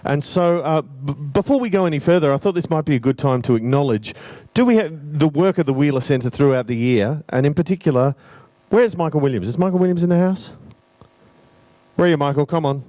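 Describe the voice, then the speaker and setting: A man's voice: a little high, brisk, mellow, no room sound. A man hosting a live show, bantering playfully with the audience. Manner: playful, addresses audience, hesitant restarts. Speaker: host and emcee. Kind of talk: live stage emcee banter.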